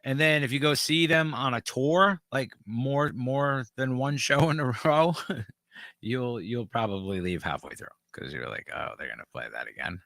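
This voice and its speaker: A man's voice: medium pitch, lively intonation, unhurried, pushed and bright, no room sound. A man co-hosting a casual podcast chat, sarcastic and profane, mocking what he talks about. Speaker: podcast co-host.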